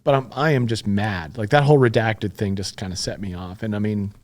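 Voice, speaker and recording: A man's voice: lowish voice, brisk. A man in his fifties, a podcast guest, telling a story in blunt, profane everyday talk. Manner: blunt and profane, retelling events with heat. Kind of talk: conversational storytelling.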